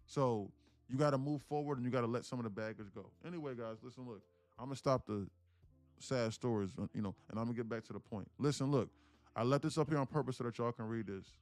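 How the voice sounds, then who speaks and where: Guy around 30 on a livestream, mid pitch, keeps going listen look, swears a lot, dry close mic, bit of music behind. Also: fast, darkish tone, no echo. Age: about 30. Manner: emphatic, repetitive, keeps saying "listen, look"; swears casually, heartfelt storytelling. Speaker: day trading streamer. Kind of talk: live stream talk to viewers.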